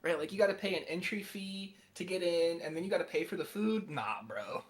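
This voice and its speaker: A man co-hosting a live stream, talking casually in a halting way full of fillers and often laughing. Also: sits high, lively intonation.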